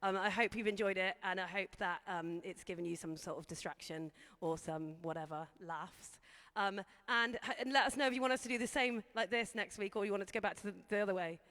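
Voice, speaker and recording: A woman's voice: medium pitch, brisk, fairly bright tone. Nervous rambling woman in a reverberant venue. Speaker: band member. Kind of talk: casual stage talk to a streamed audience.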